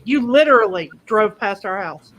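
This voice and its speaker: A woman's voice: mid-range voice, animated, normal speed, fairly bright tone. A woman chatting casually, mostly chiming in with short interjections. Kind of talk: casual chat.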